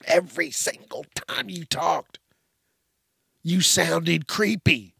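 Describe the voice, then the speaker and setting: A man's voice: fairly high pitch, slow, creaky, bright, forceful tone, slightly rough, dry recording, studio quality. A man hosting a casual solo podcast, talking loosely, swearing and drifting between topics with frequent restarts. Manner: frequent restarts and repeated words. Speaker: podcast host.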